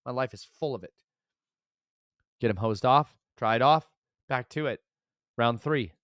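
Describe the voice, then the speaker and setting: A tired father telling an exasperated story, swinging between loud outbursts and muttered whispers. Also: medium pitch, a little slow, no room sound. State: tired after a sleepless night. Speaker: father of a large family. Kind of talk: casual vlog monologue.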